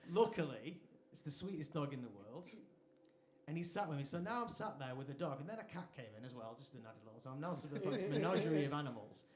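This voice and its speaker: With a fairly high, darkish voice, an English man performing live as a singer-songwriter tells a chatty story that pokes fun at himself between songs. He is animated and a little fast. The sound from the live venue stage is echoey.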